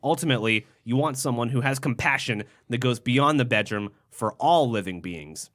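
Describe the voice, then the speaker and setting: A man's voice: medium pitch, lively intonation, normal speed, fairly bright tone. A young man co-hosting a casual podcast, reading news quotes aloud with jokey asides and plenty of swearing. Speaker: podcast co-host.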